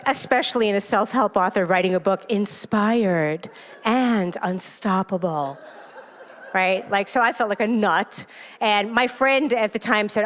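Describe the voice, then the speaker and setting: A woman from New York City giving an inspirational talk to a congregation as a self-help author, telling stories with animated, self-deprecating humor. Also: medium pitch, measured pace. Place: church sanctuary. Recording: long reverb of a large hall.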